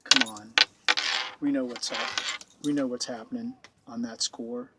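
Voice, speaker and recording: A man's voice: medium pitch, steady tone, measured pace, heavy background noise. A man commenting on a video with sarcastic, incredulous remarks, often repeating himself, recorded at home. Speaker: YouTube commentator.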